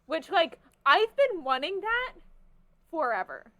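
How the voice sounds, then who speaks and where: A woman's voice: extremely high pitch, slow, no echo. A young woman co-hosting a podcast, chatting casually with lots of "like" fillers. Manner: chatty, animated, many "like" fillers. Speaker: podcast co-host. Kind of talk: casual chat.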